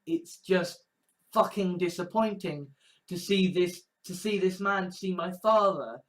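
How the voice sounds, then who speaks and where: A man's voice: high voice, measured pace, a bit bright. A man ranting in a blunt, emotional monologue, swearing freely as an online preacher.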